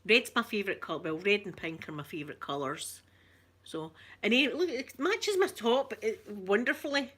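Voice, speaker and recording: A woman's voice: medium pitch, animated, moderate pace, fairly bright tone, slightly rough. An older Scottish woman talking casually to viewers on a livestream, rambling and correcting herself and laughing often. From Scotland. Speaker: livestream host. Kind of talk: casual live chat with viewers.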